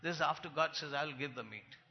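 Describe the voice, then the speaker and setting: A man preaches with lively, swelling emphasis, his slightly high voice carrying a gravelly fry. He acts out the complaints he quotes. The sound is a little muffled and rings with a long hall reverb. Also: fast. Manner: animated, rising to loud emphasis and acting out quoted complaints. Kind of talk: sermon.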